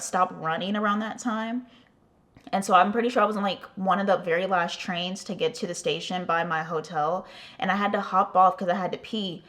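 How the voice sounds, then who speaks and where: A young adult woman telling a casual storytime for her vlog, chatty and profane, with lots of "like". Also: medium pitch. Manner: profane, chatty, heavy use of "like". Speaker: vlogger.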